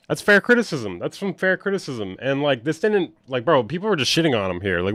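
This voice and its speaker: A young man talks through a casual livestream, blunt and sarcastic, swearing often as he picks apart online drama. His voice sits at an ordinary middle pitch. The sound is close and dry, with no room echo. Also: big pitch swings, fairly quick, few pauses. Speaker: music producer streamer reacting to online drama.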